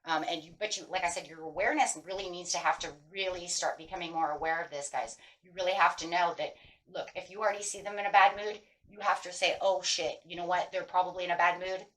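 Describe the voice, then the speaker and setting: A woman tarot reader with a somewhat low voice talks her viewers through spiritual advice in a casual way. She is earnest and emphatic, repeats her key phrases, and keeps tagging her points with a quick "right?". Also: steady tone, fairly bright tone, poor audio.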